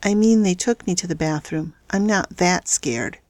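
A timid little boy in an audiobook, as a woman narrator puts him on. The voice sits only a bit higher than her own and stays soft. The recording is dry and close. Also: normal speed, no echo, lightly acted. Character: young boy, kidnapped, timid but brave.

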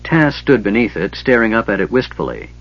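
A man reads a fantasy novel aloud in a measured, even way. His voice is husky and sits fairly low. The recording sounds dull and lo-fi. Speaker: audiobook narrator. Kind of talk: scripted fantasy narration.

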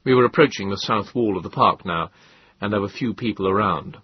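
A man narrating an audiobook in a husky voice, measured and reflective. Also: fairly low pitch, no echo. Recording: dull lo-fi dry audiobook.

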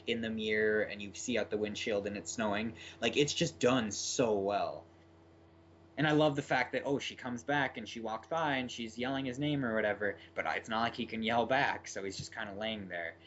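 A man's voice: mid-range voice, a bit bright, dull audio, a little hiss or hum. A man co-hosting a podcast, chatting casually and enthusiastically about a film, with lots of fillers. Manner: rambling, enthusiastic, many fillers. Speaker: podcast co-host.

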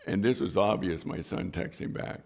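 A middle-aged male pastor preaches a sermon in a low-sitting, slightly mellow voice with vocal fry, at a moderate pace. He tells a personal story and acts out the voices of the people in it.

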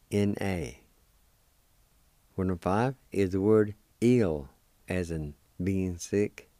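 Slow-talking guy teaching words on the radio, low mellow voice, spells stuff out letter by letter, patient. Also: no room sound. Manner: encouraging and patient. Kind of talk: radio language lesson.

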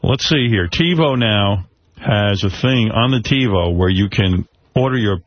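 Male radio host, casual banter, lively pitch, husky, lo-fi radio sound. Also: a little slow, no room sound. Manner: mimics voices animatedly. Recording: dull lo-fi radio audio.

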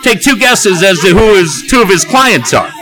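A middle-aged man, a radio host, telling a story in a casual, animated and profane way, acting out the dialogue. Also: high voice, moderate pace, low-quality recording. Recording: music playing behind the voice.

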